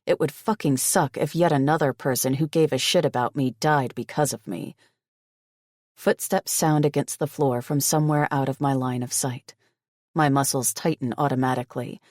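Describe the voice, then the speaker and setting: A woman's voice: low voice, darkish tone, no echo. A woman narrating a first-person audiobook in a blunt, sarcastic manner with plenty of swearing, close to the mic.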